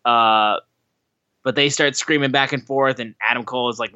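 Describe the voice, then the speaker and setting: A man co-hosting a podcast in casual chat, animated and swearing freely as he recaps shows. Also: medium pitch, moderate pace, no echo, muffled recording. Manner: animated, swearing, acts out quotes. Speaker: podcast co-host.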